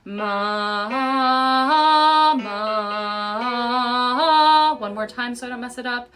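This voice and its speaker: A woman vocal coach leading a livestream warm-up, cueing exercises in a drawn-out, encouraging way. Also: on the high side, flat delivery, soft background music. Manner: encouraging, demonstrates sung exercises between spoken cues.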